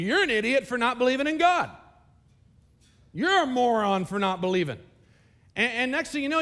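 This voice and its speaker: Man, pastor, high-pitched, casual preaching style with lots of direct asides to the congregation. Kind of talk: sermon. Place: church service.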